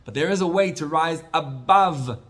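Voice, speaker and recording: A rabbi giving a Torah class, retelling stories with animated swings between loud and soft. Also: male voice, on the high side, moderate pace. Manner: storytelling, animated rises and drops in loudness.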